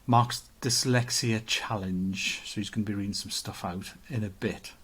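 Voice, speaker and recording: A man's voice: fairly low pitch, fairly even intonation, normal speed, a bit bright, husky. A man, co-hosting a casual podcast chat, joking and reading out viewer comments. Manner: chatty, joking, reads out comments. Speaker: podcast co-host.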